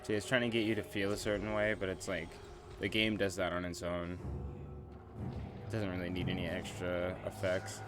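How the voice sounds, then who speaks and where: A man's voice: low voice, flat delivery, moderate pace, music in the background. A man streaming a game live, talking in a casual, profane, opinionated way.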